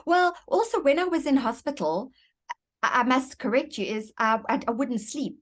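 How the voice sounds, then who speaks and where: A woman's voice: high-pitched, animated, moderate pace, a little hiss or hum. Earnest woman telling her own story. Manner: earnest, reflective, repeats words while thinking. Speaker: guest. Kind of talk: personal storytelling in an interview.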